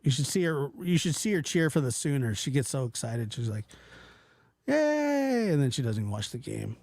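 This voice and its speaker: A man hosting a casual livestream, talking to his chat in a rambling, animated way, often stopping and restarting. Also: mid-range voice, fast, husky, dry recording. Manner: animated, rambling, self-interrupting, mimics voices in quotes. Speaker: livestream host reading chat.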